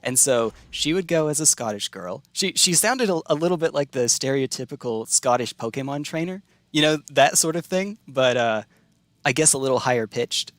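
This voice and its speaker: A man's voice: medium pitch, expressive, normal speed, fairly bright tone, no echo. A young man from the United States chatting casually with his stream chat while playing a card game, rambling and laughing often.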